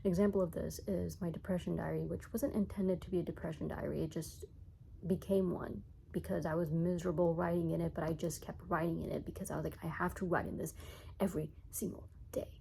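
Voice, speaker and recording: A woman's voice: on the low side, steady tone, quick pace, gravelly, warm tone, slight background noise, rough recording. A young woman vlogging in a rambling, self-mocking way, laughing often. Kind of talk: casual chat to camera.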